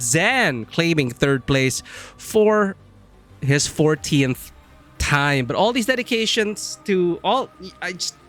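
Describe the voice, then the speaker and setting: A man's voice: on the high side, fairly bright tone. A man chatting casually on a live stream, rambling and friendly as he greets viewers.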